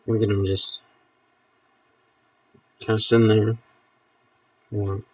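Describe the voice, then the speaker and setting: A man's voice: on the low side, little pitch movement, slow pace, dry recording, recorded from a distance. A man chatting casually on a live stream, amused, talking to his pet snake as he handles it.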